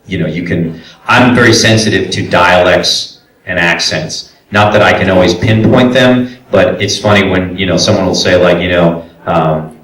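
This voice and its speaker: On a convention panel about voice acting, a Brooklyn, New York native talks chattily and explains at length, leaning on lots of fillers. He has a deep, fairly bright voice at normal speed, and the large, echoey room makes him sound far away.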